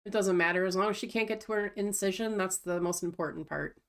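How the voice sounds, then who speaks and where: A woman's voice: medium pitch, fast. A woman chatting casually with a friend on a stream, telling stories in a matter-of-fact way. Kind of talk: casual chat.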